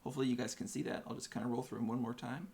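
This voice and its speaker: A man's voice: medium pitch, steady tone, racing, creaky, a little mellow. A man hosting a live-stream photography tutorial, chatty, explaining camera settings step by step.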